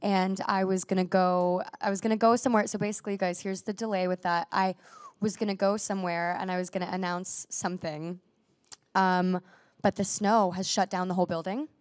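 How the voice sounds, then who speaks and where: A woman's voice: medium pitch, fairly even intonation, dry recording. A young woman actress chatting in an interview, bubbly and full of "like" and restarts, still coughing from a recent illness. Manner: bubbly, heavy use of "like", quick restarts. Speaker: actress guest. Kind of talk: casual interview chat.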